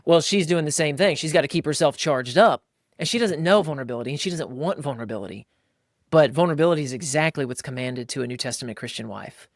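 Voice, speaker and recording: A man hosting a podcast, coaching listeners in a lively, casual way and acting out voices as he talks. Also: on the high side, fast talker, no echo, studio quality. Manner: animated, acts out voices. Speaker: podcast host.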